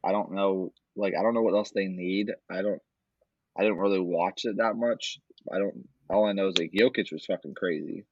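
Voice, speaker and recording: Male podcast co-host, low husky voice, dull muffled recording, casual cursing sports chatter. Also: fairly even intonation, moderate pace, dry recording. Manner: loose, rambling, swears a lot.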